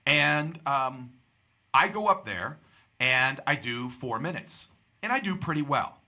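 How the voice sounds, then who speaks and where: A man's voice: medium pitch, lively intonation, measured pace, creaky, pushed and bright. A young man from Pittsburgh, hosting a podcast and telling a story in casual chat, acting out the people he quotes. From Pittsburgh, USA. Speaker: podcast host.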